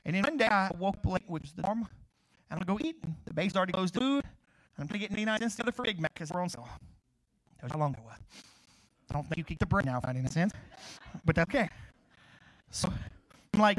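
Fast-talking, high-voiced pastor preaching. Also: male voice, no echo, rough recording. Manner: animated preaching, swings from loud scripture reading to quiet asides; tells his testimony conversationally, acting out both sides of conversations. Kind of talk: sermon.

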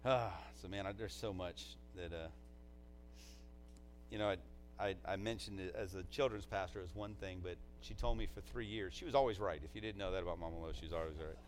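Heartfelt pastor giving a eulogy. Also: male voice, sits low, fairly quick, slight background noise, poor audio. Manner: conversational and heartfelt, fillers like "man".

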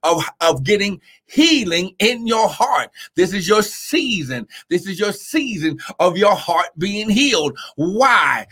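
A man preaching a live-streamed sermon with fervent drive, his voice high and bright. He keeps calling out refrains and greets his online viewers by name. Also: lively intonation, measured pace, few pauses. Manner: fervent, repeats "how glory" and "come on now".

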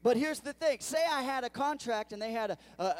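A man pastor preaching a sermon to his congregation, calling out to the room and swinging between hushed and loud delivery. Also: very high-pitched, fairly quick, dry recording. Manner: animated preaching with audience call-outs. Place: church sanctuary.

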